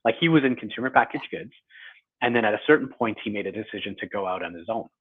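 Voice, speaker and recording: A man's voice: fairly low pitch, lively intonation, fast talker, slightly rough. A man in his forties, a guest author, talking through his career in a reflective, lightly self-deprecating way. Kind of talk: conversational interview. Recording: tinny phone-like line.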